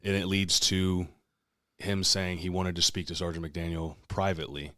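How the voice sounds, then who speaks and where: A man's voice: sits low, moderate pace, clear, resonant tone, no echo, studio quality. A young man telling a story in casual chat, swearing freely and acting out what people said. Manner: profane, animated storyteller acting out quotes. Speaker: podcast co-host.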